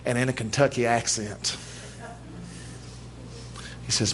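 A man's voice: medium pitch, moderate pace. A man preaching a sermon at a church service, folksy and emphatic, in plain everyday speech.

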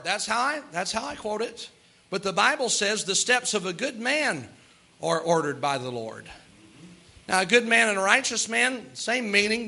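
Male pastor, sermon, high bright voice, earnest with quick asides. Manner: earnest preaching with quick asides and little laughs.

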